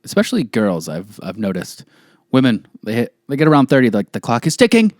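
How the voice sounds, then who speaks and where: A man's voice: medium pitch, wildly swooping pitch, fairly quick, darkish tone, no room sound, studio quality. A man in his thirties co-hosting a podcast, chatting casually in a joking, crude, self-mocking way. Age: 30s. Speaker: podcast co-host.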